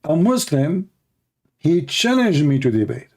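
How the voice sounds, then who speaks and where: Combative streamer, man, dark voice, tired after hours live, mocking tone. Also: a little high, sing-song, unhurried. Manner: taunting, mocking, loose non-native grammar. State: tired, voice worn from hours of talking. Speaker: livestream debater. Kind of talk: combative livestream rant.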